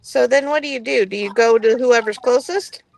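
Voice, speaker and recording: A woman hosting a casual livestream giveaway, upbeat and quick to laugh. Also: on the high side, creaky, no echo, rough recording. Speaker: livestream host running a giveaway. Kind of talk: casual chat.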